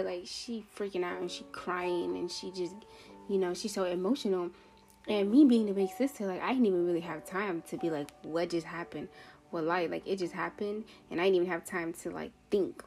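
Rambling young woman telling a story. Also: lowish voice. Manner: rambling, emotional, many fillers and restarts. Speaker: vlogger telling a personal story. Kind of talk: casual storytelling to viewers.

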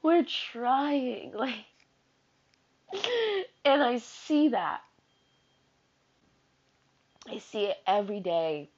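A woman's voice: medium pitch, animated, very slow, pauses often, a little mellow. A young woman in a casual personal monologue, talking in an earnest, confiding way with lots of fillers, slang and swearing. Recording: dull lo-fi recording.

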